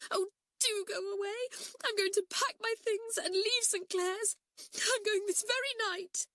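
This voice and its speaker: A woman voicing a distraught schoolgirl, crying and pleading in a high, strained voice. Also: animated, moderate pace, fairly bright tone, no room sound, studio quality. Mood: sobbing. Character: distraught schoolgirl, tearful and ashamed.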